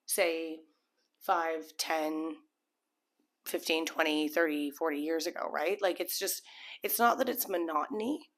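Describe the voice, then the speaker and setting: Chatty woman, slightly low voice. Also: a little slow, a bit bright. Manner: rambling, chatty, many restarts and fillers; acts out imagined people's thoughts. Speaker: tarot reader. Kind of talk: casual tarot reading to camera.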